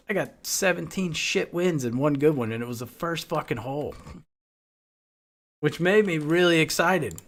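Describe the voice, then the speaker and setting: A man streaming a game, chatting casually and telling rambling stories full of profanity. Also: on the high side. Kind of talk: casual chat while playing.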